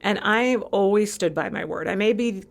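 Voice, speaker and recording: A woman's voice: medium pitch, moderate pace, gravelly. A woman from California, a podcast guest, telling a story animatedly and acting out both sides of each exchange. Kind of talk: casual chat.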